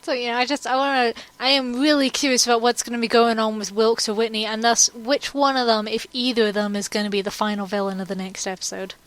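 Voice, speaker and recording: A woman chatting casually as a co-host, rambling through animated analysis. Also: a little high, quick pace, few pauses, no room sound, rough recording. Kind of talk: casual chat.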